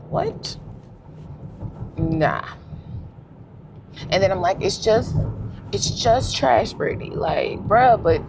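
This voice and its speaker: A young woman vlogging while driving, telling stories in a relaxed, slangy way. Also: low voice, background noise. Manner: animated storytelling with slang and laughs. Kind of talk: casual vlog chat. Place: in a car.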